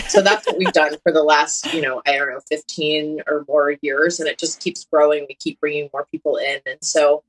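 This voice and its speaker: Woman, thirties, low voice, candid, self-mocking, casual chat. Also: fairly even intonation, fairly quick, few pauses, rough recording. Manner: candid and self-mocking, laughs as she talks. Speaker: surgeon, podcast guest. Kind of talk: casual conversation.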